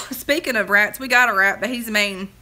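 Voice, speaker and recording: A woman's voice: on the high side, lively intonation, unhurried, pushed and bright. A woman, chatting rambly on a phone livestream from her couch at home, drawling and laughing at her own stories. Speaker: livestream host. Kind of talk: rambling casual chat.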